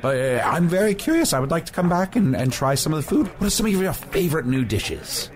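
A man's voice: fairly high pitch, big pitch swings, brisk. A man voicing a pompous old male wizard who speaks in archaic, florid phrases. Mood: curious.

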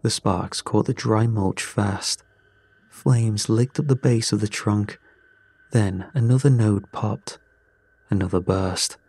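A man narrates a first-person story in an unhurried, measured delivery. His voice is low-pitched and husky. The sound is close and dry. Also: a little mellow, no echo. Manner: slow, measured.

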